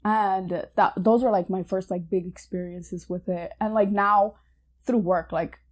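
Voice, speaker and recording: A woman's voice: mid-range voice, steady tone, measured pace. A young woman co-hosting a podcast, telling personal stories in a casual, chatty way with lots of "like" fillers. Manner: storytelling, many "like" fillers. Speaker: podcast co-host. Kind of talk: casual chat.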